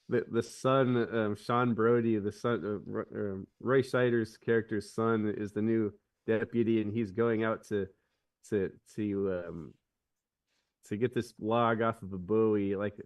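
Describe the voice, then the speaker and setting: A man's voice: lowish voice, distant mic. A man on a podcast, chatting casually and retelling a film scene with many restarts. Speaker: podcast co-host. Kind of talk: casual chat.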